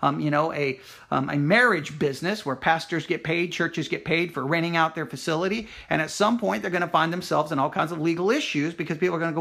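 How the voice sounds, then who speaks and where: A man's voice: a little high, fast talker, creaky, a bit bright. A man from Texas hosting a Christian talk program, speaking in a casual, rambling monologue with frequent restarts and fillers. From Texas, USA.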